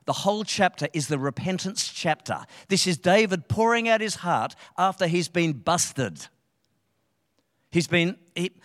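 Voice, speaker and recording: An Australian pastor with a high-pitched voice preaches to his church in an animated, conversational manner, often breaking off and restarting his sentences for emphasis. His voice carries a long reverb from a large church hall. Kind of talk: sermon. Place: church hall, live service.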